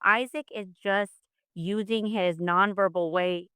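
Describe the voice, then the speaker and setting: A woman's voice: medium pitch, steady tone, unhurried, fairly bright tone, clear, resonant tone, no room sound, studio quality. A middle-aged woman, a mother, telling her family's story in a podcast interview, earnest and full of faith. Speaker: guest, mother of an autistic son.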